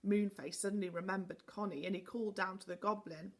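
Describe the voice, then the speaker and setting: A woman teacher reading a children's storybook aloud with animated, expressive delivery. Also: medium pitch, a little fast.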